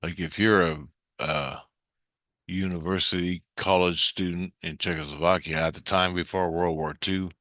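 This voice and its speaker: A man's voice: low voice, fairly even intonation, normal speed, fairly bright tone, dry recording. A man telling a personal story in a casual, rambling way, cursing and restarting his sentences. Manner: rambling, profane, frequent restarts.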